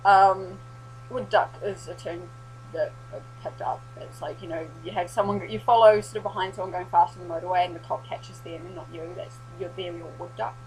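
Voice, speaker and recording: A young woman, telling a sweary, animated story in a casual vlog recap. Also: fairly low pitch, brisk, slight background noise, rough recording. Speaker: vlogger.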